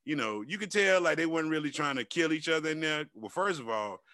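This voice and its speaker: Man, casual co-host, high gravelly bright voice, profane and animated, dry close sound. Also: fast talker, no room sound. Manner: animated, profane, acts out quotes in raised voice. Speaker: podcast co-host. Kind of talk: casual chat.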